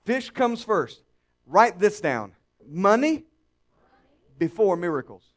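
A male pastor delivers a sermon with a high-pitched voice. He drops to hushed, confiding tones, then builds to loud, emphatic declarations for the congregation. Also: sing-song, slow. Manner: dramatic, swings from hushed to shouting.

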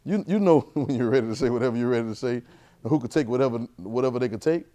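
Preaching with a racing pace, a 30s man with a medium-pitched, expressive, dark voice engages his congregation in call-and-response. His delivery is conversational yet emphatic.

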